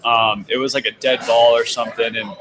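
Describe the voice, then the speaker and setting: A man's voice: medium pitch, level tone, a little fast, a crowd in the background, rough recording. A young man, a soccer player guest, talking hesitantly with many fillers. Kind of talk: casual interview.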